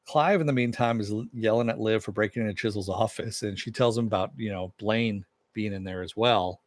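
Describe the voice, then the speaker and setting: A man's voice: fairly low pitch, brisk, no room sound. A man giving a casual spoken recap and review of a TV episode, in a loose, conversational way, with frequent filler phrases and offhand swearing.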